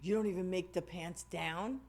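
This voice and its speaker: A woman co-hosting a podcast, reacting to a story with quick, amused questions in casual chat. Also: lowish voice, fairly even intonation, a little mellow. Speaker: podcast co-host.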